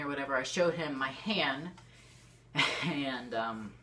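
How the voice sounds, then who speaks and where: A teenage girl telling a storytime vlog to her camera. She rambles excitedly and fills her talk with lots of "like". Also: deep voice, moderate pace, a little hiss or hum. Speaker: YouTuber. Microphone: camera facing the speaker.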